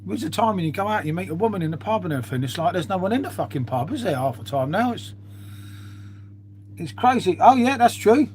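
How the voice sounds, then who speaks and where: A man's voice: sits high, expressive, fast talker, darkish tone, slight background noise. A middle-aged man, chatting casually to viewers on his live stream, swearing freely and calling them mate.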